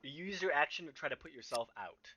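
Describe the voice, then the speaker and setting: A man narrating as game master of a tabletop game, halting with many ums and restarts. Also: fairly high pitch, expressive, pushed and bright. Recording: slightly dull, muffled sound.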